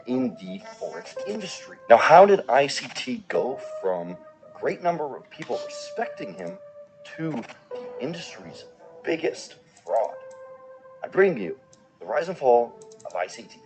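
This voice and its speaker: A man's voice: medium pitch, big pitch swings, measured pace, darkish tone, faint music behind, low-quality recording. A man narrating a commentary video, emphatic and indignant, with occasional profanity. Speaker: commentary youtuber.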